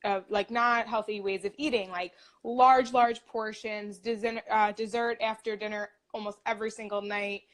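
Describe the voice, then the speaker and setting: A woman's voice: mid-range voice, steady tone, moderate pace, hardly any pauses. A young woman in her twenties, a dietitian, talking about her path in a casual, upbeat interview, with lots of "like" fillers. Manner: chatty, upbeat, many "like" fillers.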